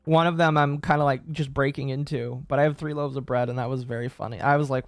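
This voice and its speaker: A man's voice: mid-range voice, steady tone, fast talker, no echo, soft background music. A man in his late twenties, casually chatting on a stream and answering chat, rambling and correcting himself as he goes. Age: late 20s. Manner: rambling, self-correcting, chuckling.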